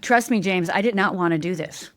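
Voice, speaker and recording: A woman's voice: lowish voice, a little fast, no echo, clean studio sound. A middle-aged woman, a life coach and podcast guest, telling a personal story candidly and emphatically, often checking in with "right?".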